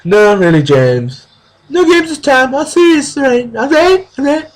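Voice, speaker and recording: A man's voice: very high voice, big pitch swings, unhurried, pitched above the performer's own voice, heavily acted. A man voicing a shy, flustered teenage girl who stammers, read aloud from a story. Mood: pleading.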